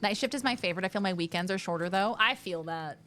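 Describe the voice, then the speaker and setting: A woman's voice: mid-range voice, fast, slight background noise. A woman streamer playing a game live, joking and exclaiming at what happens on screen. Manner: animated, jokey, exclaiming at the screen.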